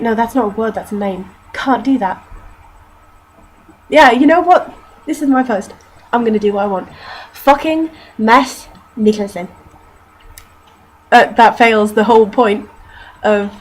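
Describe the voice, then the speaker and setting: A woman's voice: medium pitch, a little hiss or hum, rough recording. A young woman from Britain with a mixed northern English accent, casually chatting and reading aloud for a vlog, swearing and laughing at her own slips.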